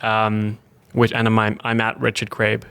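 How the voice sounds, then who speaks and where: Low-voiced guy from south africa, startup founder, short quiet answers. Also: monotone, a little slow, clean tone. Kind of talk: casual interview chat.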